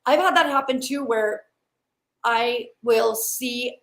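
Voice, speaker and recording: A woman's voice: on the high side, slow. A woman, a psychic and healer, talking in a casual chat, earnest and thoughtful, often restarting her sentences.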